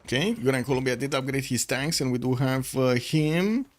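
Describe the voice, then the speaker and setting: Man, mid-pitched voice, live game caster, rambling with fillers, soft music behind. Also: expressive, normal speed. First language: Romanian. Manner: chatty, thinks aloud with many fillers. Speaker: esports caster. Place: home room with the window shut.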